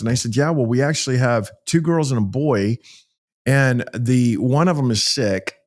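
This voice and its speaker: A middle-aged man from Texas, a pastor telling stories in a folksy, animated way during an interview. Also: mid-range voice, moderate pace. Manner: folksy, animated storyteller with frequent restarts. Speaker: pastor and child rescuer. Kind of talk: interview storytelling.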